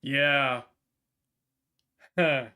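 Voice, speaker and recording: Streamer, man, mid pitch, rambling casual chat at his desk mic. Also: fairly even intonation, very slow, sharp tone, smooth. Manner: chatty, hesitant with many ums and restarts.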